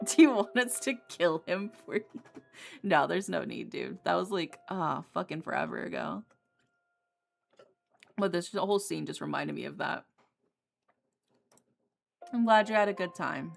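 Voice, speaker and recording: A woman streamer with a low, gravelly voice reads game narration and breaks into blunt, profane chat. Her laughs come easily, and faint music plays underneath. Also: lively intonation, unhurried, long pauses. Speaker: streamer playing a visual novel.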